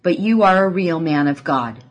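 A woman reading a listener's letter aloud on a religious program, in a steady, even way. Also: fairly low pitch, moderate pace. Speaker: letter reader.

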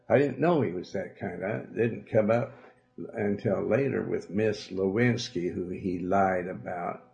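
A man with a Southern drawl spins a rambling tale from the pulpit of his own program. His voice sits deep and gravelly. He preaches and denounces between fillers and side remarks, heard on a muffled, lo-fi recording. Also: a little mellow. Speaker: church leader hosting a religious program. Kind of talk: rambling storytelling monologue.

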